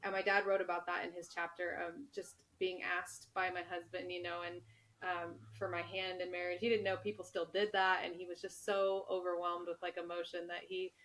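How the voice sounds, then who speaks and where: A woman's voice: lowish voice, level tone, brisk, fairly bright tone, poor audio. A young adult woman, a book author and guest on a podcast, telling stories in a chatty way and laughing often. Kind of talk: casual podcast interview.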